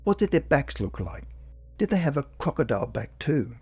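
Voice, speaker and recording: A man voicing a calm male psychologist who patiently questions a hypnotized patient in a dramatized interview reading. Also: fairly high pitch, slightly rough, exaggerated voice. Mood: steady, probing. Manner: slow, patient, probing questions.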